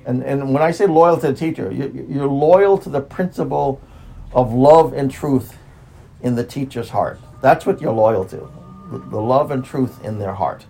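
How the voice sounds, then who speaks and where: Faint music plays behind a mid-range, creaky, mellow, husky male voice captured with poor audio. He's a spiritual teacher talking without a script, repeating phrases, starting over often, and drawing words out.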